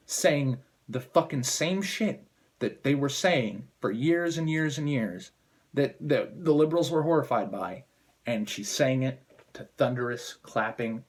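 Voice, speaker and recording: A man holds forth in an angry political rant at a mid-range pitch. He swears freely and sounds heated and contemptuous, piling up insults as he goes. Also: a little slow, slightly rough. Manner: profane, heated, contemptuous ranting. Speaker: political commentator.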